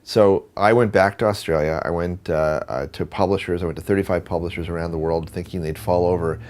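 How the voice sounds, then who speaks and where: A man with a low, deep voice tells a long story at a quick clip. He talks conversationally, with plenty of fillers and restarts. He acts out the voices in the dialogue he recalls. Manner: animated, acts out quoted dialogue. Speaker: photographer and book producer. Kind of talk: storytelling interview.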